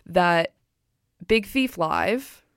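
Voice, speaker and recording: A woman's voice: fairly low pitch, very slow, smooth, no room sound, clean studio sound. A woman co-hosting a campus radio show in casual, enthusiastic chat, her voice a little sick. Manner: enthusiastic, chatty, animated. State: slightly sick voice.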